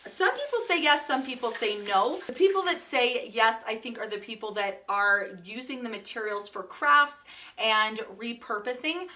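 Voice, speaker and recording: Bright-voiced chatty woman vlogger. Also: fairly high pitch, lively intonation, moderate pace, distant mic, slight background noise. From Utah. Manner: chatty and upbeat, laughs often. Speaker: home organizing vlogger. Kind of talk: casual decluttering vlog. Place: her home.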